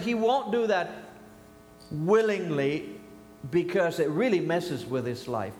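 Older man, pastor, emphatic sermon, fairly high voice, roomy echoey hall. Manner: emphatic, swinging from loud high bursts to quiet low asides. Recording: echoey hall with long reverb, faint hum.

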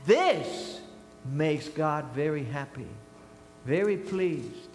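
An older man preaching a sermon as pastor. He is emphatic, swinging between loud high bursts and quiet low asides. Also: animated, drawn-out words, faint music behind. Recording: echoey hall with long reverb, faint hum.

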